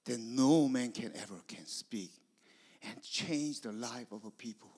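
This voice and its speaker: A man preaching a sermon, telling stories that swing from hushed whispers to loud emphasis. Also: mid-range voice, a little slow. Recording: long hall reverb.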